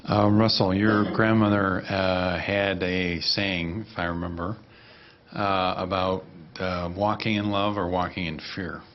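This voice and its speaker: A man interviewing a guest, asking his question slowly and haltingly from a distance. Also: deep voice, flat delivery. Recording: distant, dull mic with faint noise.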